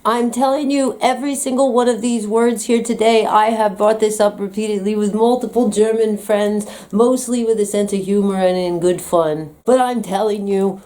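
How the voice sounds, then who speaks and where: A woman's voice: mid-range voice, warm tone. An American woman talking in a comedic vlog monologue, playful, teasing and dramatic. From United States. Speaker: vlogger.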